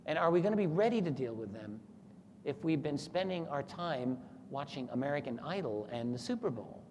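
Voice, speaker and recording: A man's voice: on the high side, lively intonation, fairly quick, a little mellow. A man giving a lecture who retells a story in an earnest way and acts out the quoted thoughts. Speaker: speaker at a talk. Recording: echoey hall with faint noise.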